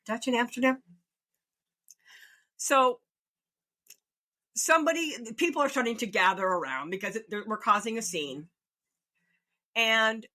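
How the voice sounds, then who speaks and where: A woman casually telling a funny personal story, animated and laughing often as she acts out her own reactions. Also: medium pitch. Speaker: storyteller host.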